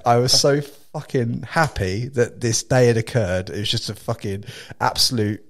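A man from England with an English accent, hosting a casual chat and telling an animated, laugh-filled story with lots of swearing and restarts. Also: medium pitch, normal speed, slight background noise. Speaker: podcast host.

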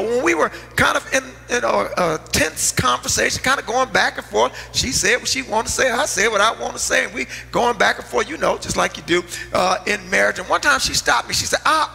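High, gravelly preacher in a reverberant hall. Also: male voice. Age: middle-aged. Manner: storytelling preacher, swings from loud to hushed. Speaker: pastor. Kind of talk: sermon. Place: church sanctuary. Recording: long hall reverb, faint music.

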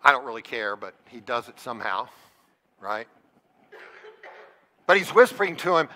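In a church sanctuary with long reverb, a pastor preaches earnestly to his congregation in a mid-range voice that is pushed and bright. He speaks at a moderate pace with big pitch swings and long pauses, often putting questions directly to them.

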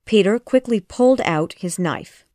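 A woman narrates a children's classic audiobook, measured and expressive in her storytelling. Her voice is mid-range, and the recording is clean studio sound with no room echo.

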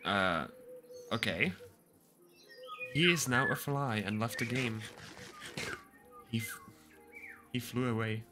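A man's voice: medium pitch, takes it slowly, long pauses, over music. A young man streaming a game, chatting casually with crude jokes and frequent laughter. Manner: joking, crude, laughs often. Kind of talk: casual gaming stream chat.

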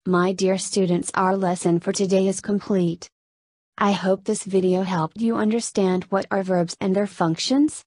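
A woman teacher narrating a scripted lesson, reading slowly and carefully and addressing her students. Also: mid-range voice, fairly even intonation, a little mellow, no room sound.

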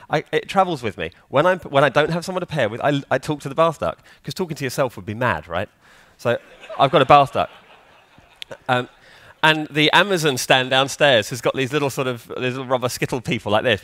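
A man's voice: mid-range voice, fairly bright tone, no room sound. A man giving a conference talk in a conversational way, often putting questions to the audience. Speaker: conference speaker. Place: conference hall.

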